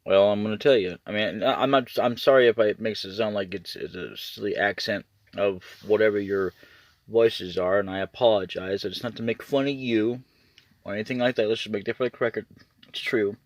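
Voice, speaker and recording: A man's voice: lowish voice, brisk, no room sound. A man giving a casual, rambling update to his channel's viewers, restarting sentences often. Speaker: YouTuber.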